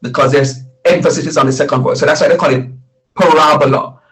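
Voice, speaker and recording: A man's voice: fairly high pitch, steady tone, very fast, fairly bright tone, soft background music, poor audio. A middle-aged man teaching a live math lesson, repeating phrases and quizzing his students as he explains.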